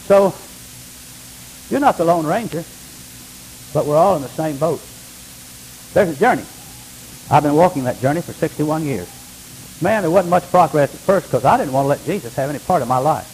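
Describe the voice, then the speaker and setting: Older man, pastor, sermon delivery; fairly high, very expressive pitch, swings from hushed to loud. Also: a little hiss or hum, low-quality recording. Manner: emphatic preaching with wide swings between hushed and loud.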